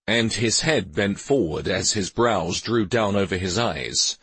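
A man reading a story aloud as narrator, in an unhurried, expressive way. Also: low voice, husky, dry recording. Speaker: audiobook narrator. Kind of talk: scripted narration.

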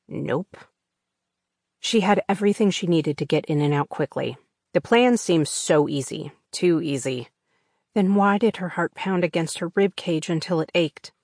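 A woman narrating an audiobook in a measured, tense suspense reading on a close studio mic. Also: fairly low pitch, a little mellow, no room sound. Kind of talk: scripted narration.

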